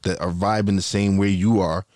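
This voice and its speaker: A man with a very deep voice talks as a guest in a casual chat, speaking close to a dynamic microphone. The sound is dry and close. He is relaxed and often restarts his sentences. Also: moderate pace, no room sound. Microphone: dynamic mic, spoken up close.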